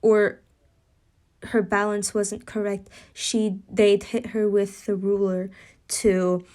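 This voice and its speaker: A woman's voice: medium pitch, level tone, slow pace, darkish tone. A young woman casually narrating a fan story she makes up as she goes, rambling with fillers and self-corrections.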